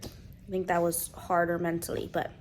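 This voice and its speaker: A woman's voice: on the low side, moderate pace, a little hiss or hum. A young woman vlogging at home, telling a personal story in casual chat and acting out what others said. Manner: animated, quotes others in playful voices.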